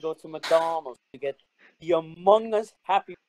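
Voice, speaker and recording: A man's voice: on the high side, normal speed, crowd noise. A teenage boy co-hosting a casual voice chat podcast, joking and egging on his friends. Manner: joking, eggs others on. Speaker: podcast co-host. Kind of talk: casual group chat on a voice call.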